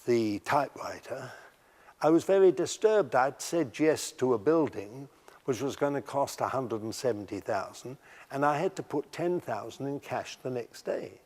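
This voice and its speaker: A man's voice: medium pitch, expressive, a little mellow. Older man recounting memories, long reverb. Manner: halting storyteller, restarting sentences. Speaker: interviewee. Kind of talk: recounting memories in a documentary interview.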